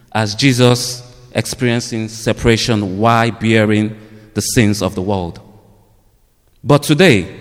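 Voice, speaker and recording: A man preaching a sermon, halting with fillers at first, then rising to emphatic points. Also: medium pitch. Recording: long hall reverb.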